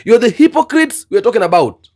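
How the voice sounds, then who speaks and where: A man's voice: very high voice, very animated, fast, a little mellow. A man giving impassioned commentary on the state of his continent, repeating himself and building to fervent, preachy outbursts. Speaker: political commentator.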